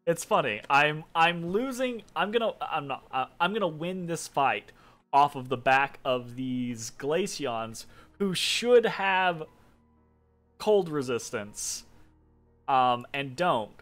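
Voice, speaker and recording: A man's voice: fairly high pitch, expressive, takes it slowly, a bit bright, soft background music. A man casually commentating his own strategy game turn, rambling, correcting himself and making wry asides. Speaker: let's play commentator.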